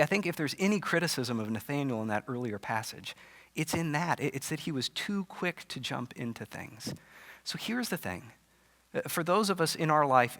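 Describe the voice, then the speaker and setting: A male pastor preaches in a relaxed, conversational way, his fairly high voice swinging up and down as he tells stories. His tone is bright and clear. The sound carries the long reverb of a church hall. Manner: animated storytelling with casual asides. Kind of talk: conversational sermon. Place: church sanctuary.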